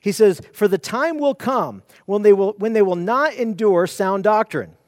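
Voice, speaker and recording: Man, preacher, expository sermon, high voice, earnest, restarts, dry room. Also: moderate pace, a little mellow, no echo. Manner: earnest teaching, frequent restarts and repeated words.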